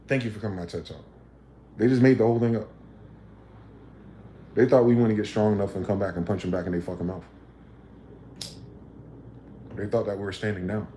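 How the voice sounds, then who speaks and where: A man's voice: on the low side, fairly even intonation, fast talker, pauses often, warm tone, echoey room, slight background noise. A man, hosting a livestream and ranting profanely, firing off combative rhetorical questions. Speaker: livestream host.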